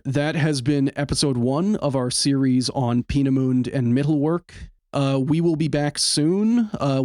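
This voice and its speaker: A man's voice: mid-range voice, darkish tone, no room sound, clean studio sound. A man hosting a podcast in casual chat, blunt and rambling, swearing freely. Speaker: podcast host.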